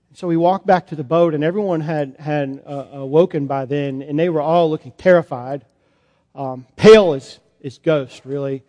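A man, a priest, performing a first-person Bible monologue in a sermon, conversational and halting with fillers. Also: a little high, a little mellow. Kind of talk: dramatic monologue as Peter in a sermon. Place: church sanctuary. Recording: long church reverb.

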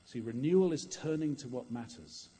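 A man's voice: mid-range voice, animated, normal speed, mellow, slightly rough. Earnest male preacher in an echoing church. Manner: earnest, with repeated words and dramatic retellings. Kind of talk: sermon.

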